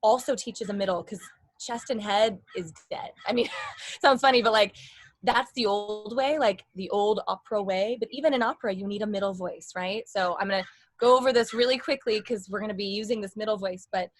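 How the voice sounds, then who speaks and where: A woman's voice: mid-range voice, brisk, dry recording. A young adult woman vocal coach giving a casual, rambling lesson with demonstrations.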